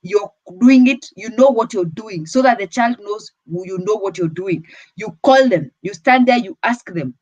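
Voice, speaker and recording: A woman's voice: mid-range voice, moderate pace, a little mellow, no echo, muffled recording. Firm Kenyan woman giving parenting advice. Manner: firm, instructive, mixes English with Swahili. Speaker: parenting show guest. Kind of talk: talk show advice.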